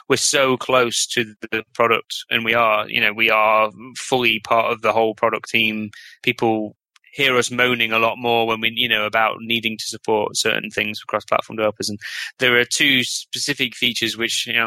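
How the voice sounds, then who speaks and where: A man's voice: medium pitch, bright, forceful tone, no room sound. A man talking as a podcast guest in a casual, enthusiastic way, with lots of restarts and rambling. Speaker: guest developer.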